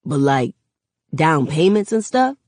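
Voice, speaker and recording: A woman's voice: low-pitched, very animated, slow pace, darkish tone, no room sound, heavily acted. A woman voicing a nosy, cautious teenage boy in a read-aloud novel. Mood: questioning.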